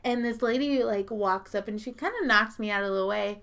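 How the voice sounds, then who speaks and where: Here a woman spins a meandering, profanity-laced anecdote in casual talk, her bright, edgy tone ending phrases in a rough vocal fry. Her intonation is lively and her speed normal, with plenty of filler words. Quoting others, she vaults into high, loud voices.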